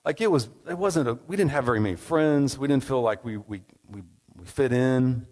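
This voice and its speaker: A man's voice: medium pitch, expressive, normal speed, a little mellow, lightly acted. A man voicing a complaining, fed-up wife in a story told from the pulpit. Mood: griping.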